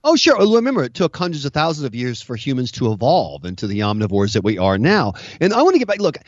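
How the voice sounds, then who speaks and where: Guy ranting on the radio, sarcastic and mocking, pitch jumping all over, kinda dull dry sound. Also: huge pitch swings, fast, no echo. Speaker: political commentator. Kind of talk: opinionated radio commentary.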